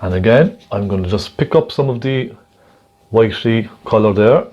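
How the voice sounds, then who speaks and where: A man gently demonstrating a painting technique step by step, chatting and checking in with the viewer as he works. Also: on the low side, lively intonation, moderate pace, lo-fi sound. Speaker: painting instructor.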